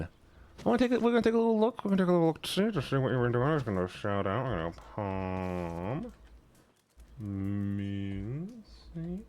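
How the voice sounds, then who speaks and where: A man's voice: medium pitch, big pitch swings, a little fast, long pauses, warm tone, no echo. A man live-streaming a game, chatting casually with his viewers and swearing when startled. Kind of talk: casual live-stream chat while gaming.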